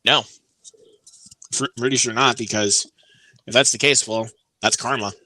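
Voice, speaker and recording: A man co-hosting a casual chat, telling a story with animated delivery and acting out the people he quotes with big jumps in pitch. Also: measured pace, no room sound.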